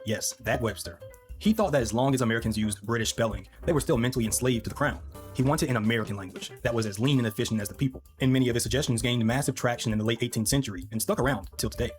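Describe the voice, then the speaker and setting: A man giving scripted narration for a history video, with quick, wry asides to the viewer. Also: medium pitch. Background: background music.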